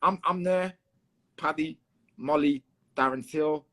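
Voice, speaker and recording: A man with a Liverpool accent, a guest fighter in a casual podcast chat, talking quickly and repeating himself as he works through his points. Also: fairly high pitch, pushed and bright. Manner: quick, repetitive, chatty.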